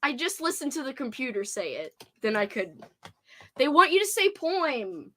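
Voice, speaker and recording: A woman's voice: high voice, sing-song, moderate pace, fairly bright tone. A woman with a New Orleans accent hosting a casual livestream chat, giggly and playful, teasing herself. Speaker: livestream host.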